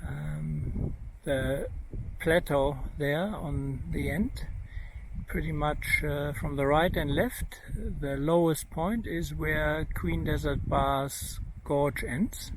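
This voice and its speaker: A man narrating an outdoor travel vlog in a desert gorge, relaxed and rambling with lots of ums and uhs. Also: fairly high pitch, takes it slowly, creaky, noisy background. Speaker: 4WD travel vlogger. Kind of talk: casual on-camera narration.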